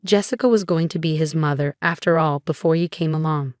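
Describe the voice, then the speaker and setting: A woman reads the part of a haughty older mother-in-law, sweetly dismissive and condescending. Her voice sits low, and it is dry and close to the mic. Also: fairly quick, no room sound, close to an everyday voice.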